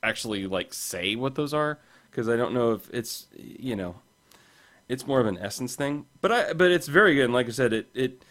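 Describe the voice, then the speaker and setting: A man's voice: mid-range voice, animated, normal speed, fairly bright tone. A man co-hosting a casual podcast, hesitant, with many restarts as he gives his view. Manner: hesitant, lots of fillers and restarts. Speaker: podcast co-host, comics reviewer.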